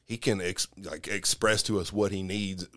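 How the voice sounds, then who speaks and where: Man, low voice, teasing jokey podcast banter, dry close sound. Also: steady tone, normal speed, a bit bright, no room sound. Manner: joking, teasing, jumps into high-pitched imitations. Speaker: podcast co-host. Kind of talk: casual chat.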